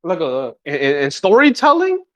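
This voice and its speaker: A young man co-hosting a casual podcast, his voice a bit high and full of movement in pitch. He talks in a laid-back, easygoing way and swears casually as he reacts and tells his own stories. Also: huge pitch swings, brisk. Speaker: podcast co-host. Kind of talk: casual chat.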